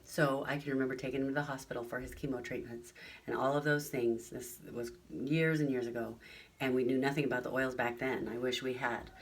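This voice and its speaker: This middle-aged woman, a retreat speaker, gives an earnest motivational talk, sharing personal stories and acting out other people's voices. Her voice rumbles low with a steady tone and a slightly fast pace. The recording picks her up from a distance.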